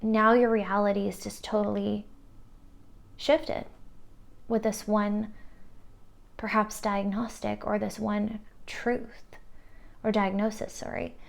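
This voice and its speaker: A woman gives an intuitive tarot reading at an unhurried pace. Her voice has a gravelly, creaky edge, and her tone is soft and earnest, with frequent "like" fillers. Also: medium pitch, level tone. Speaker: tarot reader. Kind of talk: intuitive pick-a-card reading.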